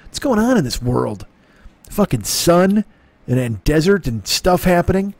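A man's voice: on the high side, big pitch swings, a little slow, no room sound. A man hosting his own comedy podcast, rambling and swearing in a self-mocking monologue. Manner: rambling, profane, self-mocking, bursts into silly crooning. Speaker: podcast host.

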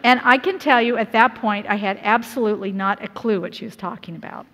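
A middle-aged woman from Utah giving a personal testimony sermon at a conference, telling her story earnestly with lively quoted asides. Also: mid-range voice, fairly quick. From Utah, USA. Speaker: conference speaker. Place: church conference hall. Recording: reverberant hall.

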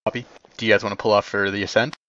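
A man commanding players in an online game, giving brisk radio-style orders over a dull lo-fi voice chat. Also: fairly low pitch, little pitch movement, fairly bright tone, no echo. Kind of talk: game voice comms.

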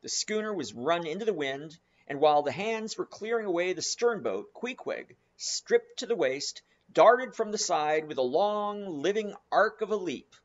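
Male audiobook narrator, dramatic and animated, lively pitch, muffled lo-fi recording. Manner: expressive, dramatic reading with slowed, savoured phrasing.

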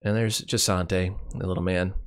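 A middle-aged man with a very low voice talks through his year in a loose, wry, rambling way, peppered with fillers. He sounds winded and worn out, pausing as if short of breath. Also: flat delivery, smooth. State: winded, tired. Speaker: channel host. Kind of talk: casual personal year-in-review.

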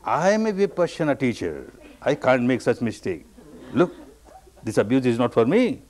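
A man giving an evening meditation discourse as a teacher, telling a story slowly in simple, repeated phrases. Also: medium pitch, big pitch swings, darkish tone.

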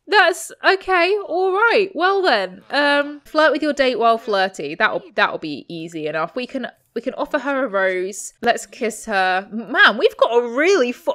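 A young woman giving excitable, giggly commentary as she plays a life-sim game and talks to its characters. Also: high-pitched. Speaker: gaming channel host.

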